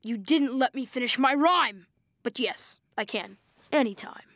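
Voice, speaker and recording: A woman's voice: fairly high pitch, expressive, a little slow, fairly bright tone, no room sound, full character voice. Puck, a sly rhyming fairy, voiced by a woman. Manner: speaks in singsong rhymes, theatrical and sly. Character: mischievous male fairy trickster, smug and rhyming. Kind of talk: cartoon voice acting.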